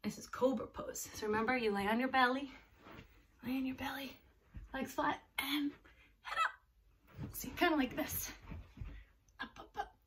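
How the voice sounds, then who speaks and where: Bright, high woman leading kids' yoga. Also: moderate pace, long pauses. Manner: encouraging, simple words for children. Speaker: yoga teacher for children. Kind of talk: reading a picture book and leading kids' yoga. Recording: distant mic, faint background noise.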